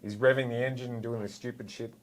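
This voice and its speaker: A man's voice: mid-range voice, fast talker, slight background noise, rough recording. An Australian man, a former police officer, telling a story in casual chat and acting out what people said. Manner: animated, acts out quotes.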